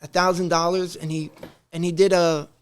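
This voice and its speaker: Podcast guest, male, high voice, animated storyteller who voices everyone in his anecdotes. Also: moderate pace, clean tone. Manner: animated, acts out quoted dialogue; rambling with many restarts. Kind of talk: casual storytelling.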